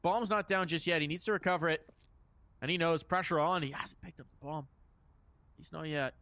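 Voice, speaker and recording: Bright-voiced man esports caster. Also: a little high, fairly quick, no room sound. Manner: energetic, rises sharply on big plays. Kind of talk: esports play-by-play commentary.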